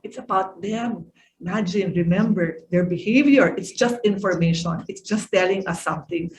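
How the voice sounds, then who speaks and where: A woman's voice: mid-range voice, moderate pace, darkish tone, a little hiss or hum. A middle-aged woman gives an online parenting talk over a video call, coaching parents and asking them questions. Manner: coaching, asks the audience questions. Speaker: parenting speaker and executive coach.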